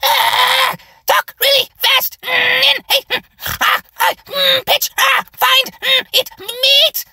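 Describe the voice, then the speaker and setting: A man voicing a small, obnoxious male kobold monster, with a constricted throat and loud, clipped, broken words. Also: very high voice, level tone, slow pace, creaky, a little hiss or hum, voice pushed up, full character voice. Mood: hungry, yelling. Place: car.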